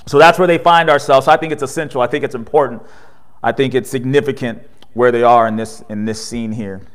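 During his sermon, a pastor narrates animatedly, poses rhetorical questions, and frequently tacks "right?" onto his lines. When the moment turns solemn, he drops to a soft, low voice.

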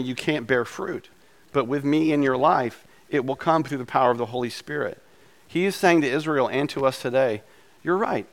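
A man preaching a sermon in a relaxed, conversational way, mixing scripture with offhand personal asides. His voice sits at an ordinary middle pitch and carries a slight hoarseness left over from being ill. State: slightly hoarse from recent illness. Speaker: pastor.

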